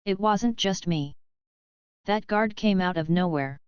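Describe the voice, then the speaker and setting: A woman's voice: mid-range voice, measured pace, clean tone, dry recording, muffled recording, close to an everyday voice. A woman voicing a jittery young male speedster who stammers defensively.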